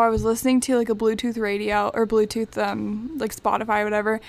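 A woman's voice: on the high side, a little fast. Chatty young woman telling a story. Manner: animated storyteller, heavy use of "like". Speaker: podcast co-host. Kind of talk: casual chat.

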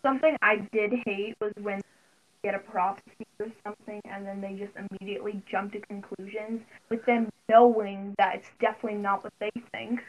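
A woman's voice: medium pitch, flat delivery, brisk. A woman guest on a book podcast, talking hesitantly and in short answers. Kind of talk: casual book club chat. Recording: dull lo-fi sound.

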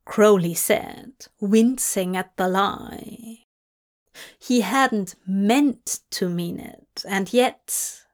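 Slow, measured woman narrator. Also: medium pitch. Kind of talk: audiobook fanfiction reading.

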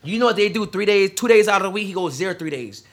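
A man in his thirties telling stories in a casual group chat, animated and repeating words as he gets going. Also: sits high, fast talker. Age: 30s. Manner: animated storyteller, repeats words when excited.

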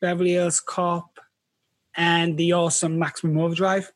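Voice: mid-range voice, flat delivery, moderate pace, no room sound. A podcast guest in casual chat, teasing and jokey.

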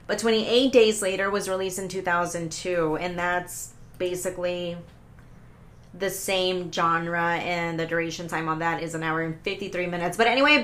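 A woman hosting a solo podcast, talking in an excitable, rambling way, swearing often, stopping herself and restarting, pacing as she talks. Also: medium pitch. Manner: paces around while talking. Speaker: podcast host. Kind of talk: casual solo podcast rant.

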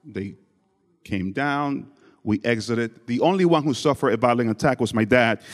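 A man's voice: mid-range voice, normal speed. A man giving a sermon to a congregation and telling personal stories with humor, speaking English with a non-native accent. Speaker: guest preacher. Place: church hall before a congregation. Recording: long reverb of a large hall.

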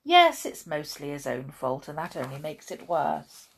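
A woman voicing a kindly, fat little man who speaks gently and with sympathy in a storybook reading. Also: low voice, very animated, unhurried, a little hiss or hum, exaggerated voice. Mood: sad.

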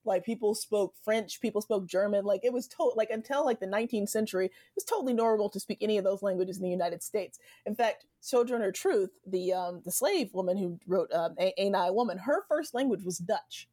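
Chatty woman guest, mid-pitched, loose and laughing. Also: a little fast, hardly any pauses, warm tone. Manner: chatty, laughs often, many fillers. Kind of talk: casual conversation. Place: Southern United States.

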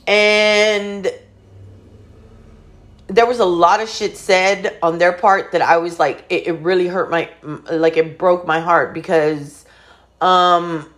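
A woman's voice: fairly low pitch, steady tone, slow, fairly bright tone. Frank, foul-mouthed woman telling a story. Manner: frank, profane, chatty with many fillers. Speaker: vlogger. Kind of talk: candid personal storytelling.

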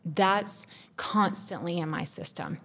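A woman's voice: lowish voice, takes it slowly, a bit bright. A woman co-hosting a podcast, pouring out a raw, intense personal confession with frequent swearing. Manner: raw, intense, profane, rising to tearful. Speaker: podcast co-host.

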